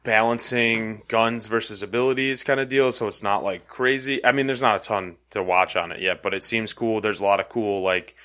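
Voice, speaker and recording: A man co-hosting a casual gaming podcast, relaxed and a bit hesitant, with frequent filler sounds. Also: lowish voice, normal speed, hardly any pauses. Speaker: podcast co-host. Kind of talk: casual gaming news chat.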